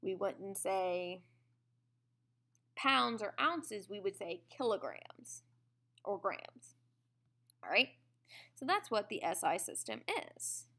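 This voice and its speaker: Her mid-range voice swings widely in pitch and has a sharp tone, and she takes things slowly with long pauses. This American teacher gives a conversational science lecture in class, often asking "okay?" or "all right?".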